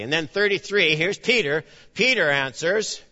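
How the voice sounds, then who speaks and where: A man preaching a sermon, acting out the dialogue of his story and swinging between loud emphasis and hushed, low delivery. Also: unhurried, in a large hall, muffled recording. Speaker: pastor.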